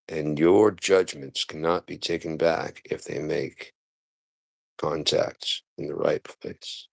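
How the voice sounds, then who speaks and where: A man on a livestream giving a sarcastic commentary rant, mimicking people and breaking into bursts of shouting. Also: low voice, gravelly, no echo, studio quality. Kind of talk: live-stream commentary rant.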